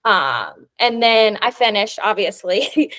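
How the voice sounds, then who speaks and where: A woman's voice: medium pitch, big pitch swings, slow, a bit bright. A young adult woman co-hosting a podcast, telling a long story in casual chat, full of "like" fillers. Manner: chatty storytelling, many "like" fillers. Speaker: podcast co-host.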